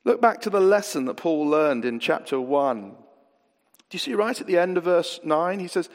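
A man preaching a sermon, swinging between loud emphatic lines and hushed, slow ones. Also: fairly high pitch, lively intonation. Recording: long hall reverb.

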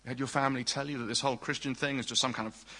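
A male preacher delivering a sermon with earnest conviction. His voice is bright and forward with a husky edge, and he often sinks into quiet, hushed phrases. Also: mid-range voice, fairly even intonation, rapid-fire, rough recording. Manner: earnest, drops to soft hushed tones for tender lines.

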